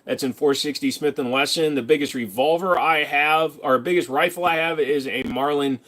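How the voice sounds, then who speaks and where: A man's voice: on the high side, normal speed, fairly bright tone. Rambling joking man on a live stream. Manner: rambling, joking, reads chat questions aloud. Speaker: live stream host reading chat. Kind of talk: casual live stream chat.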